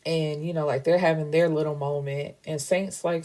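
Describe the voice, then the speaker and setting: A woman's voice: low voice, steady tone, normal speed, warm tone. A woman hosting a book show, recapping a novel's plot in a casual, frank and slangy way. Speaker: book reviewer host.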